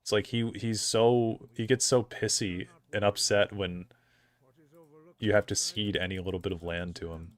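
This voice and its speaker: A man's voice: on the low side, level tone, moderate pace. A young man streaming a game, chatting casually in a rambling, opinionated way full of fillers. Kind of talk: casual gameplay commentary.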